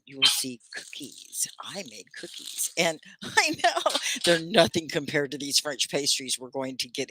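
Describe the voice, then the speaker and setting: An older woman leads a live English lesson from home. Her voice is bright and lively, sweeping up and down as she talks. She speaks slowly and chats with her viewers, and the sound is dry and close to the mic. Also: deep voice, no echo. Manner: animated, chatty, asks viewers many questions. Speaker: ESL teacher.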